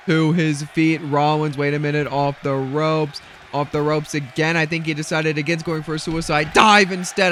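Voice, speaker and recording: A young man calling wrestling play-by-play in a rapid, breathless rush, his voice fairly high and strongly bright. He keeps piling on move after move and breaks into loud shouts at the big moments, with a faint hum of ambience behind him. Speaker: play-by-play commentator. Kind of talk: excited wrestling play-by-play commentary.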